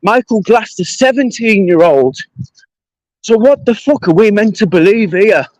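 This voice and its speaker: A man's voice: high voice, lively intonation, measured pace, a little mellow, dry recording, low-quality recording. British man, livestream rant, confrontational, sweary, dry sound.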